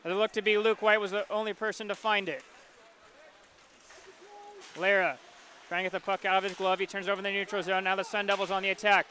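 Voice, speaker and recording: A man calling a hockey game play-by-play, his voice high and bright. He rattles off each pass and shot in a steady, level tone, with faint arena noise behind him. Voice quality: quick, rhythmic calling of the action. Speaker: play-by-play announcer. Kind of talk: live hockey play-by-play commentary.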